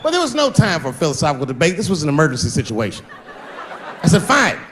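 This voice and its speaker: A man performs stand-up, telling stories and animatedly switching voices to play the characters in them. His voice is a little high and fast, with slight background noise and audience laughter.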